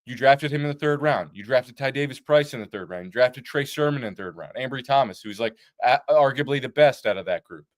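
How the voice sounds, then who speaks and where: A man's voice: medium pitch, lively intonation, a little fast, hardly any pauses. A man co-hosting a football analysis show, talking casually and bluntly, with filler words and rhetorical checks. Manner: casual, profane, lists points with "like" and "right?". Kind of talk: postgame sports analysis.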